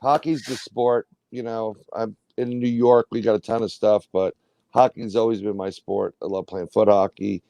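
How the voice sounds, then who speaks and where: A man's voice: lowish voice, steady tone, normal speed, creaky, dark tone. A man guesting on a radio panel, chatting in a jokey, easygoing way. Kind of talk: casual roundtable chat.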